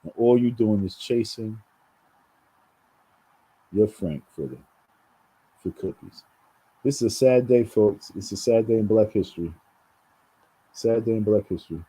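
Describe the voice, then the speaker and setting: A man's voice: on the low side, measured pace, long pauses, mellow, slightly rough, rough recording. A man from New York talking straight to his viewers in a rambling commentary, often repeating words and calling them folks. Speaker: vlogger. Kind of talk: casual commentary monologue.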